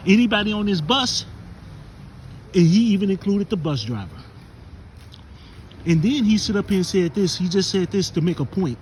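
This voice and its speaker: A man's voice: high voice, expressive, moderate pace, pauses often, a little hiss or hum, low-quality recording. A man from Chicago preaching a casual walk-and-talk sermon outdoors, recording himself on a phone as he walks to the store. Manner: preachy, recounts and warns with scripture. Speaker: street preacher.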